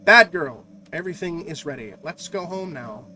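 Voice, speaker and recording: A man's voice: fairly high pitch, lively intonation, unhurried, slight background noise. A man voicing a scheming, sweet-talking cult mother in a mock-sweet taunting way, with music playing behind.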